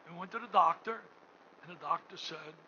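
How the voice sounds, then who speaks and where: Booming older man, high voice. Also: brisk. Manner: booming, swings between shouting and hushed tones. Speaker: gala host. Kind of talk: emotional fundraising speech. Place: hotel ballroom. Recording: muffled recording with room noise.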